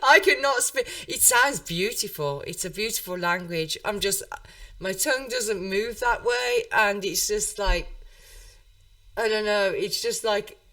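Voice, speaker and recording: A woman from England with a Birmingham accent, hosting a casual interview podcast, chatty and quick to laugh. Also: medium pitch, big pitch swings, bright, forceful tone, distant mic. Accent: Birmingham English. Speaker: podcast host.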